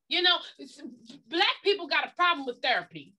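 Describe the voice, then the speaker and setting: High, bright-voiced woman preaching bluntly. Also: expressive, brisk, few pauses. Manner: emphatic, folksy and blunt, with repeated catchphrases. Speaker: co-pastor. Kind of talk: preaching-style talk on a livestream.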